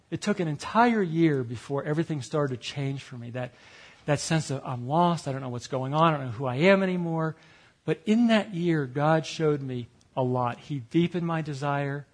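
A man giving a sermon, telling a story about himself with animated delivery, acting out quoted lines and laughing at his own mistakes. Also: a little high. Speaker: speaker at a retreat.

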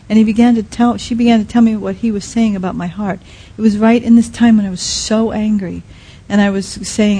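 A woman preaching with a mellow, warm tone and a slightly husky edge. She speaks softly and haltingly, with restarts and fillers, and often sinks to a near-hush. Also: mid-range voice, steady tone, low-quality recording. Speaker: speaker at a Christian teaching. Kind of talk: sermon.

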